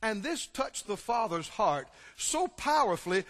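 A man preaching a sermon, impassioned, swinging between loud exclamations and quiet, low passages. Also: sing-song, a little slow. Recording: long hall reverb.

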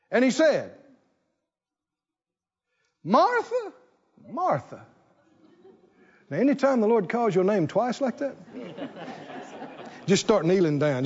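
A man preaching a sermon as the pastor, with animated call-and-response delivery. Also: sits high, dull audio.

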